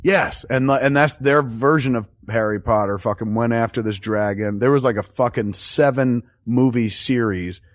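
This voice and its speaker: A man's voice: medium pitch, normal speed, few pauses, no room sound, studio quality. Profane, rambling man on a podcast. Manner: profane, rambling, riffing storyteller. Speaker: podcast host. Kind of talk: casual comedic podcast chat.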